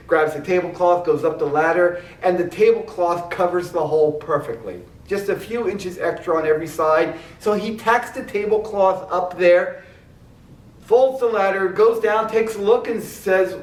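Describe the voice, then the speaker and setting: Male preacher, animated storyteller with restarts; roomy, distant sound. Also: high voice, a little slow. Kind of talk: sermon storytelling. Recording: echoey room, mic at a distance.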